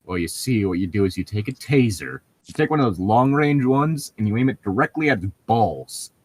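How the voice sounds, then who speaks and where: A man's voice: on the low side, animated, fairly quick. A man co-hosting a casual podcast, joking and riffing sarcastically while the group reads a book aloud. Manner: sarcastic, riffing, laughs often. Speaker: podcast co-host reading aloud.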